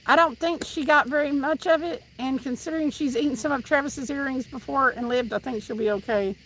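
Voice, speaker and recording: A Tennessee woman with a high voice talks casually to her live audience, reading their comments aloud. She laughs easily and restarts her sentences a lot. She is outdoors fishing, and faint noise from outside sits behind her voice. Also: brisk, fairly bright tone, low-quality recording. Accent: Southern US, Tennessee. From Tennessee, USA. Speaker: livestream host reading chat. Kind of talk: casual chat with live viewers.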